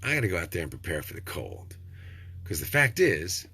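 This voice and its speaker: Older husky-voiced man, folksy and preachy. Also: sing-song, a little fast. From Texas. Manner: preachy, folksy, swings from low and quiet to loud. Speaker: vlogger. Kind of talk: rambling motivational monologue.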